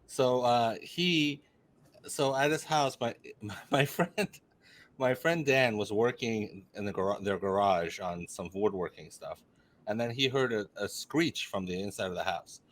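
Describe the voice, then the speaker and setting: A man on a podcast telling a story in casual chat, animated and teasing, often restarting his sentences. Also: lowish voice, unhurried. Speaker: podcast co-host.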